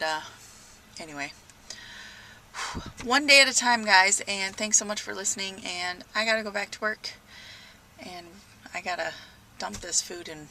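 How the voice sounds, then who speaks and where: Chatty bright-voiced woman vlogger. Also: lowish voice, slight background noise. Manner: chatty, candid, sing-song with her cat. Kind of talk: casual video diary. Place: at home, bedroom.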